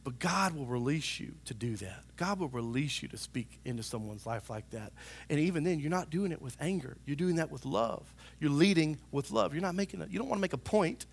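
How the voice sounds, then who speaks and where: A male pastor preaching a sermon in a church, animated and talking to the congregation, now and then acting out voices. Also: on the high side, moderate pace, gravelly, slightly rough. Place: church sanctuary.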